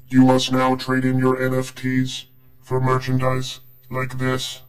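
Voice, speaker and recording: A man co-hosting a podcast who talks in a deadpan, joking way. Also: medium pitch, unhurried, over music. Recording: echoey room with hum.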